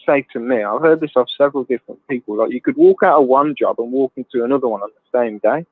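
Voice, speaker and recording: A man calls in over a tinny, narrow phone line, and the sound comes through dry and close. His voice sits at a middling pitch, and he speaks bluntly and plainly, in everyday terms. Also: fast, no room sound. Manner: blunt, plain-spoken, says "mate". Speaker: phone-in caller. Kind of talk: casual phone chat.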